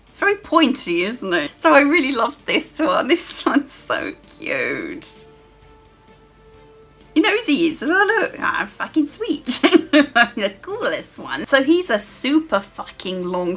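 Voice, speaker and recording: Young woman, gaming commentary, giggly and foul-mouthed, high voice with a bouncy, lively pitch. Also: husky. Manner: giggly, sweary, gushing. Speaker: gamer. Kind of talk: casual gameplay commentary.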